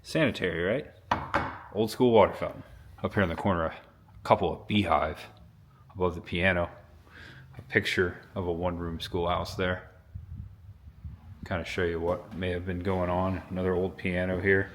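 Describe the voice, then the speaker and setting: A man's voice: low voice, fairly even intonation, normal speed, pauses often, a little hiss or hum. A man giving a casual, chatty walkthrough of a pioneer museum, pointing things out as he walks from an old schoolhouse out into a village. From Indiana family roots. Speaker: vlogger touring a museum.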